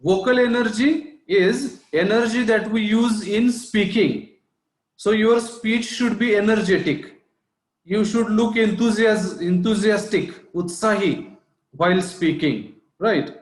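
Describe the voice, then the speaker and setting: In online class audio, a man lectures on public speaking, explaining things and repeating himself while asking "right?" rhetorically. His voice is high-pitched and slow, and the room is reverberant.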